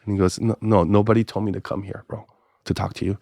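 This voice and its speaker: This clip features a middle-aged pastor from Hawaii chatting casually in a storytelling podcast interview, his quick speech edged with vocal fry. Clean studio audio, no echo. He animatedly performs both halves of a conversation, leaping between pitches for each voice.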